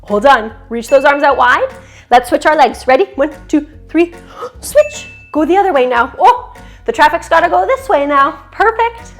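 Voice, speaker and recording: A woman's voice: high voice, animated, normal speed, faint music behind. A young woman teaching a children's yoga class, encouraging and playful, singing short chants between poses. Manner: cheerful, encouraging, sings short chants and makes animal and siren sounds.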